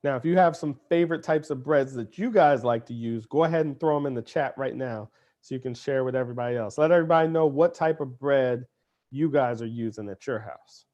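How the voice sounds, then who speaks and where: A cooking show host and dad runs a live kids' cooking lesson, chatting cheerfully and speaking right to the children and their parents. His medium-pitched voice moves fairly quickly, with a darkish tone and the highs cut off.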